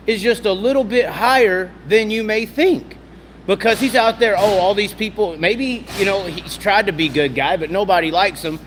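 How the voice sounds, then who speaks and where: A man's voice: high-pitched, fairly bright tone, slight background noise. A man with a Southern US accent giving rambling, casual racing commentary, repeating himself and using folksy slang, just woken up. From American South. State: just woken up, clearing throat.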